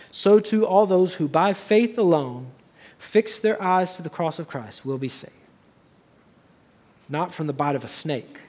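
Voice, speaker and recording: Guy pastor giving a sermon, higher voice, earnest and building up. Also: darkish tone. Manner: earnest preaching, builds to raised emphatic passages.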